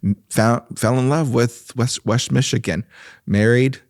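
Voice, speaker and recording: A man in his fifties, a nonprofit leader, telling stories in a relaxed interview with easy laughs and filler words. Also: medium pitch, a little slow, no echo, studio quality. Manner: warm storytelling with frequent laughs and fillers. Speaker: nonprofit president and guest.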